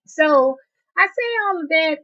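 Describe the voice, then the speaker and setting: A woman's voice: high voice, expressive, measured pace, a bit bright, muffled recording. A woman in her fifties hosting a casual livestream, talking candidly and emphatically, often laughing mid-sentence. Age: 50s. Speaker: livestream host. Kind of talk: casual livestream talk reading chat.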